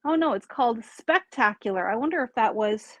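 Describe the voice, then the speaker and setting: Chatty upbeat woman showing off store stuff, high voice, dry close sound. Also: lively intonation, a little fast, no echo. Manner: chatty, upbeat, lists items with small asides. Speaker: craft store host. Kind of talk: casual live product showcase. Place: craft store.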